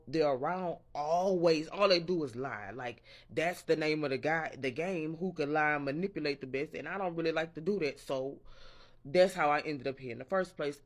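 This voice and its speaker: A man in a casual morning-rant vlog, rambling and profane and interrupting himself as he talks. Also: on the high side. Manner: quotes imagined people in a raised voice. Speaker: vlogger.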